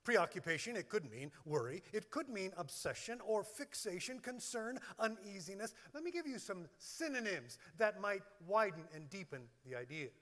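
High, lively pastor preaching in a reverberant hall. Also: male voice, moderate pace, hardly any pauses. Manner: emphatic, lists words one by one. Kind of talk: sermon.

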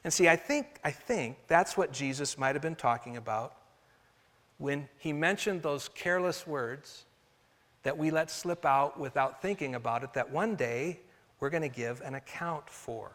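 Earnest man preaching in a reverberant hall. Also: a little high. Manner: earnest, rising to loud emphasis and dropping to soft, slow phrases. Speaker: pastor. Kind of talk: sermon.

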